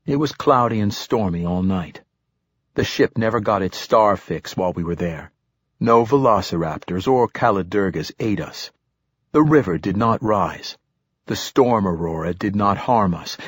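A man narrating a first-person novel in a measured, reflective way. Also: low voice, breathy edge, no echo. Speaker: audiobook narrator.

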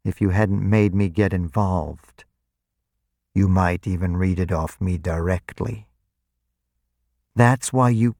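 A cornered crewman lashes back as a man voices him, his deep voice strained and bitter. The reading is slow and dry-sounding, close to the mic. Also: a little mellow, no room sound. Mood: stunned. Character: cornered, defiant male human crew member.

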